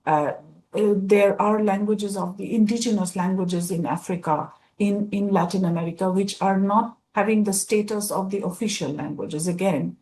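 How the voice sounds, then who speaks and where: A woman from India, giving an academic lecture in a thoughtful, measured way, often pausing to find her words. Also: medium pitch, steady tone, a little mellow, low-quality recording.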